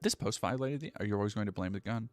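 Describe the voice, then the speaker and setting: A man's voice: fairly low pitch, fast talker, no echo, soft background music. A man from New England doing live-stream commentary, ranting in a profane, heated way.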